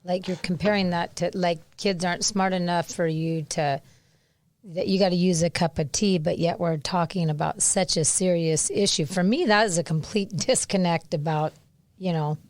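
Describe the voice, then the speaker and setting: Woman co-host, low voice, blunt and emphatic. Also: normal speed, darkish tone, no echo. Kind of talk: casual discussion.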